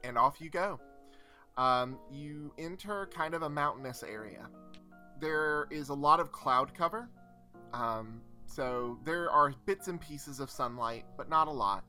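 A young man guides the players through a tabletop adventure as game master, his voice bright and fairly high. He narrates in a relaxed, hesitant way, pausing often. Faint guitar music plays softly underneath. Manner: relaxed, hesitant with many ums.

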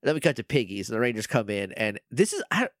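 A young man co-hosting a podcast, chatting casually and acting out characters' lines in quick voices. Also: mid-range voice, very animated, fairly bright tone, no echo, studio quality. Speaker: podcast co-host. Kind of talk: casual recap chat.

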